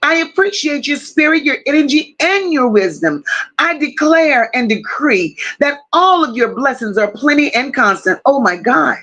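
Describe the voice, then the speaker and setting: Woman livestream host, high bright voice, unhurried, affectionate greetings, reads comments out. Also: animated. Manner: warm drawn-out greetings with endearments; reads viewer comments aloud. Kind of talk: casual livestream chat, greeting viewers.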